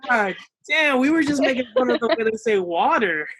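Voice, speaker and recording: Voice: mid-range voice, expressive, moderate pace, fairly bright tone. A podcast co-host chatting casually, laid-back and joking with fillers. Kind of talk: casual chat.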